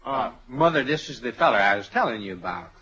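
Homespun, dutiful son. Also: male voice, mid-range voice, very animated, brisk, pushed and bright, slightly rough, full character voice. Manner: folksy, rustic drawl ("feller"). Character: homespun, dutiful young son fussing over his mother. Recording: dull noisy lo-fi sitcom audio.

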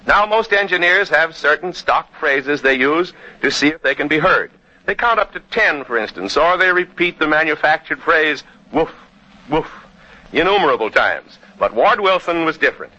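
A male announcer narrates in a chatty, scripted storytelling style, dropping friendly asides. His voice is fairly high and very bright. The sound is dull and muffled, like an old radio recording. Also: animated, normal speed.

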